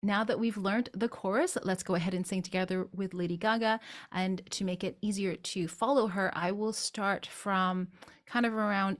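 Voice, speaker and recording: A woman's voice: mid-range voice, fairly even intonation, normal speed. A woman vocal coach explaining singing technique and breaking into short sung demonstrations of phrases.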